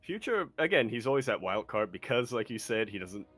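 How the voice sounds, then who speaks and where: A man co-hosting an esports podcast, chatting casually with jokey, animated asides. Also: medium pitch, brisk, no echo, soft background music. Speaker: podcast co-host.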